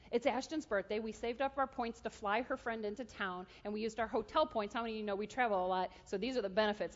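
A woman preaching a sermon, telling a story and acting out dialogue with lively energy. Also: medium pitch. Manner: animated, acts out dialogue with God. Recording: dull sound in a large reverberant hall.

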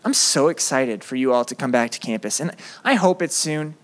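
A young man preaching a sermon as a campus pastor, animated and acting out prayers in quoted voices. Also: medium pitch, moderate pace. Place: campus ministry room.

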